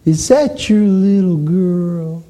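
A man in his sixties voicing an aged, stooped male evangelist who prays in a slow, drawn-out, pleading voice. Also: sits high, animated, mellow, voice pushed up. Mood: tender.

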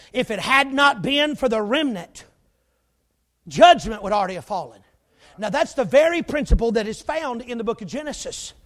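A man preaching a sermon, emphatic and folksy, with joking asides and bursts of shouting. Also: very high-pitched.

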